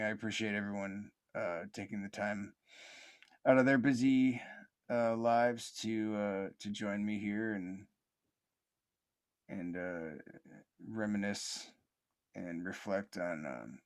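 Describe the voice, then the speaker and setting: A man hosting a podcast, reflecting in a slow, halting way with many fillers and restarts, in a soothing, almost sleepy cadence. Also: fairly low pitch, steady tone. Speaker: podcast host.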